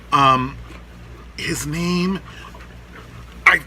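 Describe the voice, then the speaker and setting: A man in his thirties talks casually to camera from his workshop, rambling and laughing as he goes. His voice is very bright and forward, and his pitch swings widely. A faint noise hangs under the recording. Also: sing-song, measured pace, pauses often. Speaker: vlogger reviewing a cartoon.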